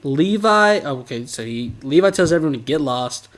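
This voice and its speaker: A man co-hosting a podcast, recapping episodes in a casual, animated way and laughing often. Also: fairly high pitch, a little fast.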